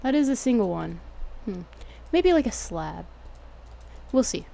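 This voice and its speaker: A woman's voice: a little high, very animated, measured pace, vocal fry, warm tone, a little hiss or hum. A young woman with a Texan accent chatting casually and jokingly while streaming a game, slangy and swearing freely. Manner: laid-back, jokey, slangy, swears casually. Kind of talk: casual gameplay commentary.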